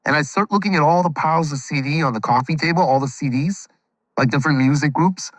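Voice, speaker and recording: A man's voice: fairly high pitch, fast talker, dry recording, poor audio. A middle-aged man casually retelling his own story, loose and profane, acting out the people he quotes. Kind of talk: casual anecdote.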